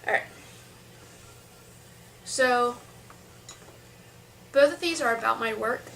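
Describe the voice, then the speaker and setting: Young woman rambling through a work story, kinda high bright voice, sounds a bit far from the mic. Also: vocal fry, slight background noise. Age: young adult. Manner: chatty, rambling with restarts and asides. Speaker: vlogger. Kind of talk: casual storytelling to camera.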